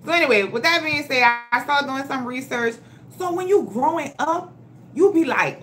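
A woman, telling her story to viewers in a casual, profane, animated way on a phone livestream. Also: a little high, brisk, slight background noise. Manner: blunt, profane and animated, talking straight to viewers. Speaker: health vlogger. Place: at home.

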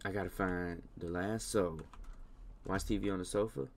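Guy doing let's-play commentary, slangy and animated, yelling at the game then mumbling, keyboard clacking behind. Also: low-pitched, moderate pace, vocal fry, slight background noise. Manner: animated, talks to the game, scolds the baby in loud bursts; slangy casual talk. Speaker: gaming YouTuber.

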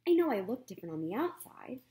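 A gentle, patient robot mother, voiced by a woman reading aloud. She speaks calmly and earnestly, with a lively rise and fall in her higher voice. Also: fast talker. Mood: tender.

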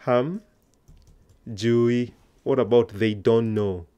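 A man's voice: mid-range voice, fairly even intonation, takes it slowly, dark tone. A man teaching an online language lesson, patiently coaxing learners to answer aloud.

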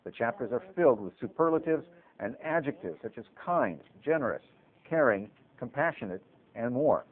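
A man narrating a documentary in an even, informative scripted delivery. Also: mid-range voice, normal speed. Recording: tinny phone-like sound.

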